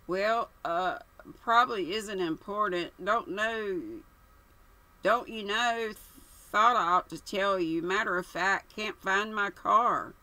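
A woman's voice: medium pitch, takes it slowly, sharp tone, pitched above the performer's own voice, rough recording. Woman doing a stammering foppish young gent. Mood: flustered. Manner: stammering, rambling filler phrases. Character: dithering foppish young English gentleman.

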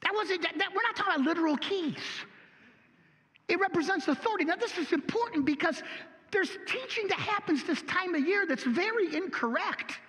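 High, animated preacher man. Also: a little fast, in a large hall. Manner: animated, folksy, rhetorical questions. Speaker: pastor. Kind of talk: sermon.

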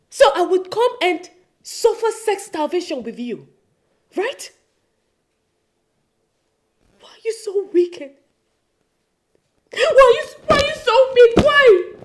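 An actress playing a furious, betrayed young wife who accuses and shouts. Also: female voice, high voice, breathy edge, full character voice. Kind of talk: film drama acting.

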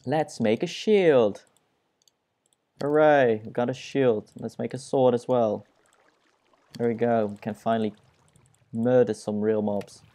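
A young man plays a video game for a Let's Play, offering casual, self-mocking commentary and dropping puns in a flat tone. He speaks at medium pitch, slowly, with long pauses.

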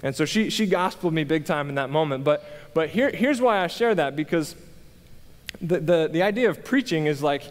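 A man's voice: a little high, lively intonation, normal speed, in a large hall. A young adult man preaching a candid, conversational sermon, self-deprecating and full of fillers and restarts. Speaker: pastor.

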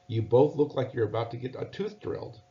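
A man's voice: mid-range voice, lively intonation, fairly quick, dark tone, natural voice. A man voicing a kindly father bear who stumbles over his explanations, in a storybook reading. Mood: cheerful. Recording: dull lo-fi recording.

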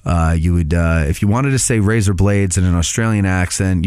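A man's voice: deep voice, brisk, hardly any pauses, darkish tone, clear, resonant tone, dry recording, studio quality. A podcast host giving a casual update on his show, rambling with many filler sounds and restarts.

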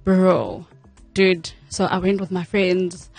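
A woman's voice: lowish voice, expressive, slow, vocal fry, a little mellow, soft background music. A South African woman speaking candidly as a guest on a radio interview, laughing often. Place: radio studio.

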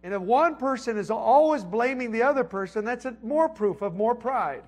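A high-pitched man delivers a folksy sermon. His voice ranges widely, rising to loud emphatic peaks and sinking to hushed asides. He sounds middle-aged and talks to the congregation like a friend. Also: lively intonation, moderate pace. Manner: conversational preaching with emphatic swells and soft drops. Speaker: preacher.

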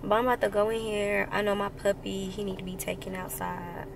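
A woman's voice: medium pitch, level tone, fairly quick, gravelly, background noise. A sleepy woman chatting casually with slang into a phone camera in her parked car at night. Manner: casual, slangy and chatty, drawling tired speech. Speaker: vlogger. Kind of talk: casual vlog chat.

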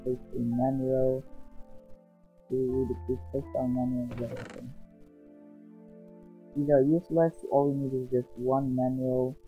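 A man hosting his gaming channel, giving casual, rambling commentary over his gameplay and often exclaiming with excitement. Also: medium pitch, moderate pace, long pauses. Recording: dull lo-fi sound. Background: faint background music.

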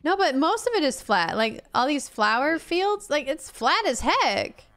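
A woman streamer chatting casually while playing a game with a friend, excitable and quick to laugh. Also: high-pitched. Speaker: gaming streamer. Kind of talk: casual gameplay chat.

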